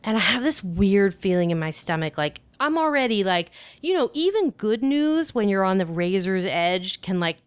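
A woman telling a personal story in a casual, animated way, full of "like" and jumping up in pitch when she quotes people. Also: normal speed, hardly any pauses, smooth, dry recording. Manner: conversational, with many fillers like "like". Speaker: podcast storyteller.

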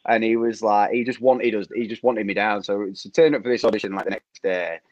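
A young man from Preston, England, with a Lancashire accent, appears as a podcast guest, telling rambling stories in casual chat and laughing often. His voice is fairly low, steady in tone, and a little mellow, and he talks briskly. The audio is muffled and lo-fi, with no echo.

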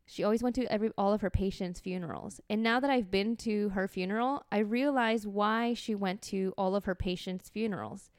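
Animated, foul-mouthed woman podcast host. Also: medium pitch, clear, resonant tone, no echo, studio quality. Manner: animated, profane, acts out quotes. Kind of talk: comedic storytelling.

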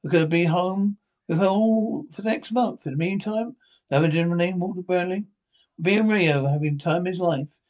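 An actor playing a scheming henpecked husband in a 1950s radio drama, talking in a confiding, conspiratorial way. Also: male voice, high-pitched, normal speed, a little mellow, close to an everyday voice. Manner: confiding, conspiratorial, eager to show off. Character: sly henpecked middle-aged husband, scheming and pleased.

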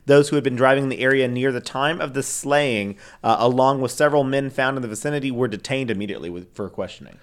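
A man co-hosting a laid-back true-crime podcast. He reads case facts in a loose, unpolished way and drifts into chatty asides. His delivery is full of fillers, with an ordinary middle-pitched voice. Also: fast talker, hardly any pauses. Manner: rambling, lots of fillers and laughs. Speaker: podcast co-host. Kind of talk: casual true-crime chat.

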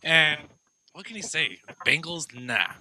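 A tired man guesting on a podcast, chatting excitably and playfully about games. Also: on the high side, measured pace. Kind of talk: casual sports picks chat.

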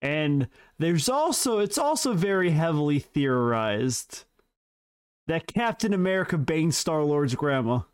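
A man's voice: a little high, big pitch swings, measured pace, clear, resonant tone. A man co-hosting a podcast, reading prepared facts in casual, joking banter with his co-host. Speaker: podcast co-host presenting trivia.

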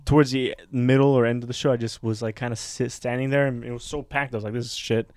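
A man's voice: mid-range voice, fast, no echo, studio quality. Male podcast co-host, casual storyteller who acts out other voices, clean resonant tone. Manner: animated storyteller, acts out voices, laughs often.

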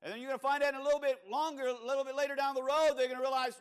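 A man's voice: extremely high pitch, flat delivery, very fast. A man with a Cajun accent preaching a sermon, telling homespun stories and asking the congregation rhetorical questions, with frequent fillers and restarts. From Louisiana.

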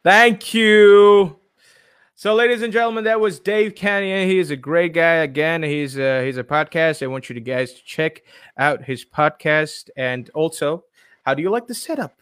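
A man's voice: fairly high pitch, moderate pace, a bit bright, smooth, no room sound. A man from India, hosting a podcast in his home studio in a playful, upbeat way with many fillers. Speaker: podcast host. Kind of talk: casual podcast sign-off.

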